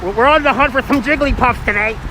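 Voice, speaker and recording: A man putting on a higher, excited voice as an eager Pokemon Go player on the hunt, outdoors with loud traffic behind. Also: quick pace. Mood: hyped. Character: hyped-up adult male Pokemon Go player on the hunt.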